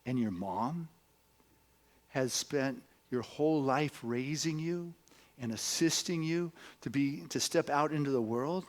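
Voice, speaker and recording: A man voicing a kind woman who runs a noodle shop, speaking gently and coaxingly as he tells a story in a sermon. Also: mid-range voice, unhurried, close to an everyday voice. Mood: gentle.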